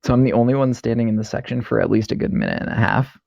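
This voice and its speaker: A man's voice: mid-range voice, rapid-fire, gravelly, darkish tone, no echo. A man telling a blunt, profane story in casual chat and laughing easily. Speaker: podcast co-host. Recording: dull lo-fi dry mic.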